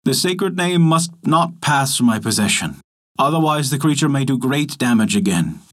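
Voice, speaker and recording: A man playing a solemn, cautious old rabbi from a folktale, husky-voiced, speaking in old-fashioned phrases with a lively, sweeping lilt. It is a storybook reading. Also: medium pitch, normal speed. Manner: solemn, archaic speech.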